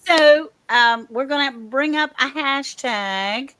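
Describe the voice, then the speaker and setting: Slow-talking woman hosting a live chat. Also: high voice, bright, forceful tone, slight background noise. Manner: unhurried, laughs often. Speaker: host. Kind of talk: casual live-stream chat.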